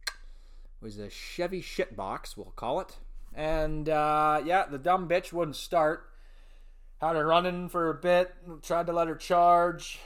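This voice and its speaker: A young man hosting his own podcast in a smooth, clear voice. He talks slowly and rambles, swearing freely and breaking into sudden shouts. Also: a little high. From Ontario, Canada. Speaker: podcast host. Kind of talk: casual solo podcast rant.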